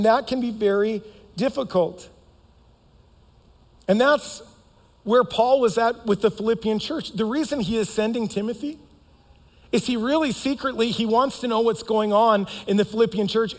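High-voiced pastor preaching in a reverberant hall. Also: male voice. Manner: earnest, emphatic preaching with sudden loud acted outbursts. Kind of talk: sermon. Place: church sanctuary. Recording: long reverb of a church hall, faint music.

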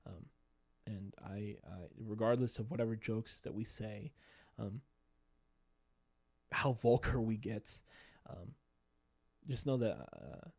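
A man hosting his own podcast, talking through his thoughts in a halting, sincere way with many pauses. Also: on the low side, creaky, darkish tone, slightly rough, no echo. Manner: sincere and heartfelt. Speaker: streamer and podcast host. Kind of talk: casual reflective podcast talk.

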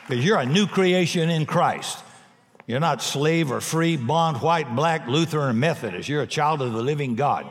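Male pastor, slightly high voice, emphatic sermon delivery with jokes, live in a reverberant church hall. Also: animated, normal speed. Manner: emphatic preaching with humorous asides.

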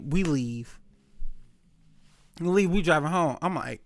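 A young man, telling a story in a casual rant, animated and profane, acting out both sides. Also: fairly high pitch, slow, long pauses.

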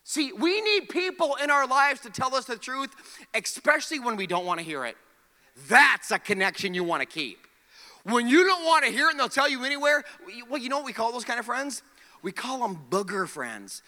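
A man preaches with a sharp, ringing tone and a fairly high voice that leaps up and down as he tells the story. He voices the characters himself and has the audience repeat key words. His voice carries a long reverb through a large hall. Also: moderate pace. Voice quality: animated storytelling, acts out the characters' lines. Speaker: pastor. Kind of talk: sermon.

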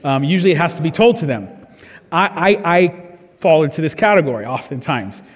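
A man's voice: a little high, lively intonation, fairly quick, breathy edge, in a large hall. A man preaching a sermon in a conversational way, often restarting his words. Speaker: pastor. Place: church service.

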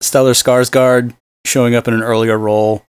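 A podcast co-host talks casually and enthusiastically about a film, rambling with plenty of fillers. His mid-range voice is clear and resonant, with a level tone, normal speed, and no room sound.

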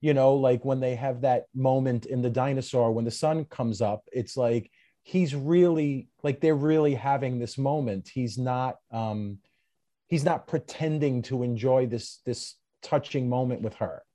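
Mellow-voiced man chatting about a film. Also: mid-range voice, unhurried. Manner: enthusiastic, laughs often, acts out movie lines. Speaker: podcast co-host. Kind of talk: casual film discussion.

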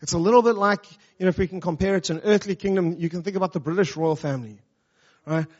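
Emphatic high-voiced male preacher. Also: quick pace, lo-fi sound. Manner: emphatic, conversational preaching with rhetorical questions. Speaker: pastor. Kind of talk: sermon.

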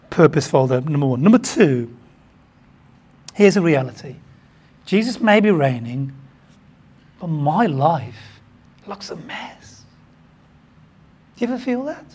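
Pastor, sermon, excitable, animated delivery. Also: breathy edge. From United Kingdom. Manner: excitable, animated preaching with sudden jumps in pitch and loudness.

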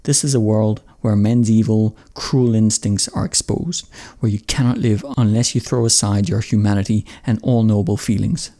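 A man's voice: on the low side, fairly even intonation, moderate pace, warm tone, lightly acted. A man reading the lines of a blunt, defiant young warrior son, cold and direct.

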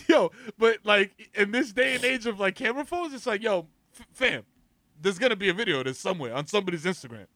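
A man's voice: high-pitched, brisk. A man co-hosting a podcast, telling stories animatedly in casual comedic banter. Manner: animated storytelling, laughs often. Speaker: podcast co-host.

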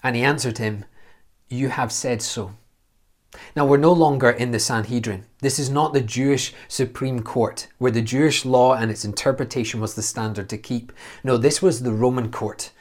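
A man's voice: mid-range voice, fairly quick, few pauses, a little mellow. A man giving a verse-by-verse Bible teaching, earnest and explanatory, asking questions and answering them himself.

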